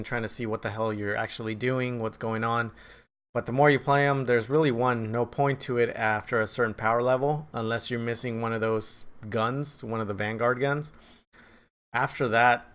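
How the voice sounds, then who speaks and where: A man talks through his opinions of a video game in a loose, chatty vlog. He rambles, corrects himself and pokes fun at himself as he goes. His voice sits at an ordinary middle pitch. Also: moderate pace, a bit bright. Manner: rambling, self-deprecating, offhand. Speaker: gaming video creator. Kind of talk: casual game review vlog.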